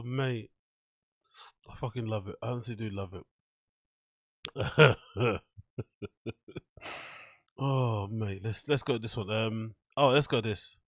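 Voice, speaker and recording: Recorded dry with clean studio sound, this show host has a fairly low-pitched voice. He gives casual commentary on online clips, crude and swearing, laughing often and talking to viewers in his live chat.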